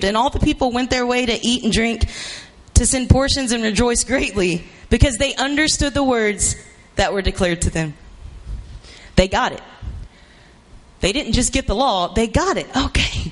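A woman preaching a sermon in an emphatic, repetitive way, often rising to shouts. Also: a little high, lively intonation, moderate pace.

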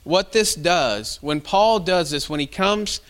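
A man's voice: high voice, slow pace, a bit bright, smooth. A male pastor giving a sermon in a folksy, conversational style, telling stories with casual fillers.

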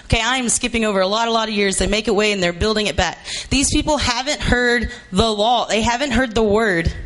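A woman preacher delivers a sermon with repeated, hammering phrases. She often climbs to a near shout to press home her points. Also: fairly high pitch, brisk. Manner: emphatic and repetitive, rising to shouts.

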